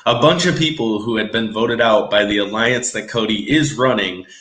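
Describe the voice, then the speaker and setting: A man co-hosts a casual podcast, giving animated, opinionated takes and sometimes mocking people in a put-on voice. His voice sits a bit low but sounds bright and forward. The recording carries a clear roomy echo. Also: moderate pace. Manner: animated, opinionated, mocks quotes. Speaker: podcast co-host. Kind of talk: casual reality-TV discussion. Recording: echoey room.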